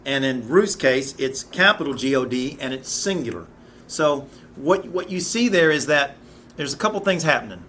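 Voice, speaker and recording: A man's voice: mid-range voice, lively intonation, moderate pace, a bit bright, a little hiss or hum. A man in his fifties teaching a Bible study in an earnest, conversational way, often restarting and repeating words. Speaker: Sunday school teacher.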